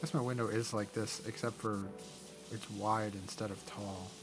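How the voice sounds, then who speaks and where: A man's voice: fairly low pitch, steady tone, normal speed. A young man hosting a gaming channel, rambling casually and cheerfully as he plays. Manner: rambling, chatty, easily amused. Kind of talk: casual let's-play commentary. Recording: game music playing underneath. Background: background game music.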